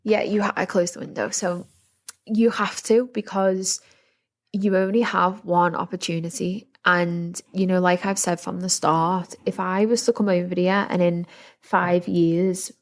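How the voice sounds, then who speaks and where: A woman's voice: fairly low pitch, flat delivery, measured pace. A young woman hosting a solo podcast, chatting candidly and earnestly with lots of "like" and restarts. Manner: rambling, heavy use of "like", earnest. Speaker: podcast host. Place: house in a forest, window open.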